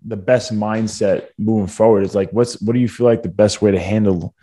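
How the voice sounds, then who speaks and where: A man's voice: lowish voice, steady tone, fairly quick, mellow. A man hosting a podcast, asking questions hesitantly and rephrasing as he goes. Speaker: podcast host. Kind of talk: interview questions.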